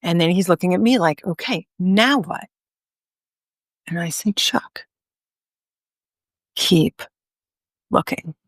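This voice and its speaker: A woman guest in a podcast interview, telling a story earnestly with emphatic pauses. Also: medium pitch, creaky, dry recording, studio quality. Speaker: guest author and speaker.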